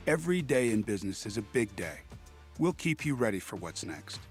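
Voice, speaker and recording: A man's voice: lowish voice, big pitch swings, brisk, soft background music. A man reading a scripted commercial in an upbeat, punchy way.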